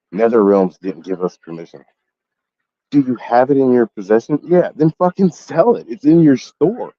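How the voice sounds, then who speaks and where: A low-pitched man hosting a collectibles channel tells a heated, profane story in a casual ranting vlog, his voice jumping up when he gets angry. The recording is dry and lo-fi.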